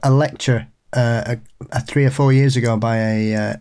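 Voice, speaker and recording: A man's voice: medium pitch, fairly even intonation, moderate pace, darkish tone, clear, resonant tone. A man hosting a podcast, chatting casually and enthusiastically. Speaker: podcast host. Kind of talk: casual chat.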